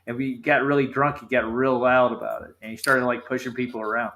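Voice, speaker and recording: A man tells a rambling story in casual chat, often restarting his sentences. His voice is bright and forceful, at a medium pitch for a man. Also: flat delivery, brisk, poor audio.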